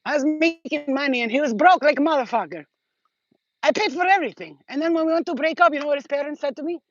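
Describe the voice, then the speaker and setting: A woman's voice: sits high, fast, muffled recording. Foul-mouthed woman ranting in a vlog. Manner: profane, rambling and animated. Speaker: channel host. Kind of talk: casual vlog storytelling.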